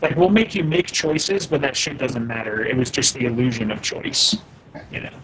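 A man's voice: mid-range voice, fairly even intonation, normal speed, a bit bright, a little hiss or hum. A young man co-hosting a casual podcast, sarcastic with lots of "like" and "you know". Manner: sarcastic, filler-heavy. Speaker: podcast co-host. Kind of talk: casual chat.

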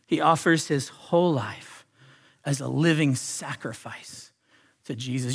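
A male pastor preaching a sermon, earnest, rising on key phrases and dropping softly for emphasis. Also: medium pitch, a little slow, creaky, husky. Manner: earnest preaching, swells then drops to soft emphasis.

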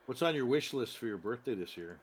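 A man's voice: mid-range voice, animated, a little fast, crowd noise. A man co-hosting a casual comedy podcast, joking and chiming in with trivia. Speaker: podcast co-host.

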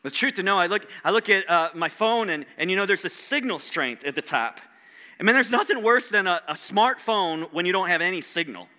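A man's voice: high voice, animated, a little fast, bright, forceful tone. A middle-aged man preaching a sermon in a conversational way, putting rhetorical questions to the congregation. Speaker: pastor.

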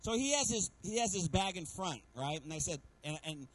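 A middle-aged man delivers a sermon in a notably high-pitched voice. He preaches in an animated way, mixes humor into his stories, and keeps calling out to his congregation. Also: normal speed, poor audio. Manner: storytelling with humor. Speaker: pastor.

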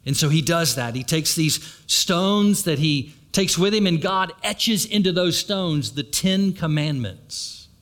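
High-voiced preacher man. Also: a little slow, few pauses. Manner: storytelling, animated, with asides to the congregation. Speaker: pastor. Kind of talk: sermon.

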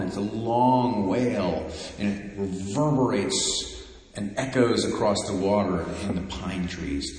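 A man preaching a sermon, slow and deliberate, building to fervent emphasis. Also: sits low. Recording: echoey hall with long reverb.

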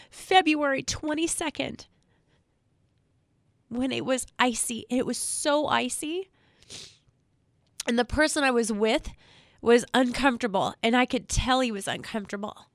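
A woman in public safety speaking straight to viewers, emotional and near tears, earnest and halting, repeating words as she talks. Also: a little high, no room sound, clean studio sound. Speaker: state trooper spokesperson. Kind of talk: emotional direct-to-camera talk.

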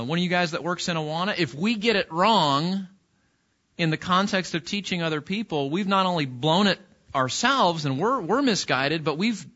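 A man's voice: high voice, bright, forceful tone, highs cut off. A man teaching an interactive Bible study lesson in a church classroom, putting questions to the class and often restarting his sentences. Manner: conversational, asks the class questions, frequent restarts.

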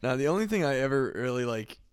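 A male podcast guest rambles through casual talk, leaning on "like" between almost every phrase. His voice is smooth and clear at a mid pitch, and it is recorded dry and close. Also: sing-song, fast, dry recording. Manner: rambling, heavy use of "like". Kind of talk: casual comedy podcast chat.

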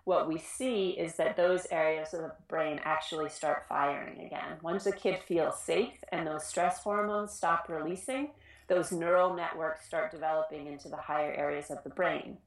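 A woman who works with children in schools, giving an informal talk on trauma, earnest and animated, often restarting her sentences. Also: deep voice, normal speed, reverberant. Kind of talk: informal educational presentation.

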